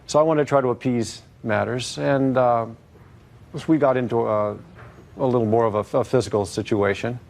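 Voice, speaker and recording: A man's voice: mid-range voice, fairly even intonation, normal speed, creaky, a little mellow. A man giving long, hesitant testimony as a plaintiff in a TV courtroom, full of fillers and restarts.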